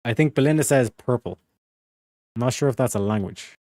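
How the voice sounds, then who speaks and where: A man's voice: medium pitch, a little fast, a little mellow, no echo, clean studio sound. Rambling man chatting on a stream. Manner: rambling, slangy, peppered with "bro" and "you know what I mean". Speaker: livestream host. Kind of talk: casual chat.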